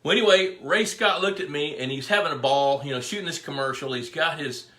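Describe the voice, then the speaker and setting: A man's voice: on the high side, a little fast, sharp tone. A middle-aged man hosting a casual live stream, rambling through stories and greeting viewers by name. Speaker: fisheries biologist hosting a live pond Q&A. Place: indoor room with his dog. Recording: echoey room.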